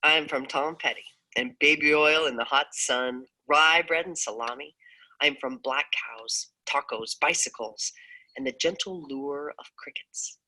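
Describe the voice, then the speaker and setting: A speaker reading a poem aloud in turns, with an unhurried delivery. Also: mid-range voice, pushed and bright, rough recording. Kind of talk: poem recitation.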